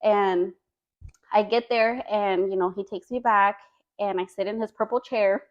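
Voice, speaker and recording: A woman's voice: mid-range voice, fairly even intonation, measured pace, muffled recording. A woman guest on a podcast telling a personal story in casual chat. She talks earnestly and fills her speech with "like" and "you know.".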